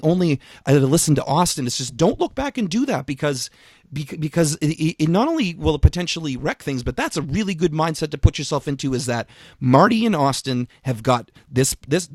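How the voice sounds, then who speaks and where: A man and fitness coach co-hosting a podcast, talking in an emphatic, energetic way with frequent restarts and repeated words. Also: a little high, dry recording, studio quality. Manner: casual swearing. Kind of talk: casual podcast chat.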